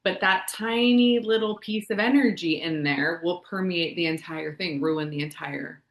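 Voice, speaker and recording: On a video call with roomy, echoey audio, a woman with a lowish voice co-hosts a podcast at normal speed. Her casual, reflective chat builds on her partner's points.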